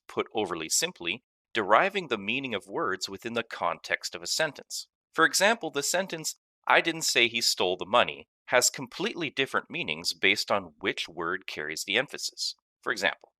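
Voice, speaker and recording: Bright, lively male tech instructor. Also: fairly low pitch, a little fast, no room sound, studio quality. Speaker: course instructor. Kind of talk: scripted tech lesson narration.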